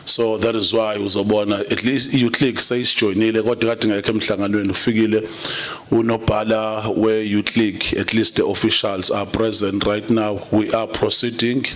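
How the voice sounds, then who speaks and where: A South African man with a fairly low voice chairs a political summit in a conference hall. He moves between English and Zulu and calls the audience comrade. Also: level tone, moderate pace, a bit bright. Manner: mixes English and Zulu, addresses everyone as comrade. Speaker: programme director.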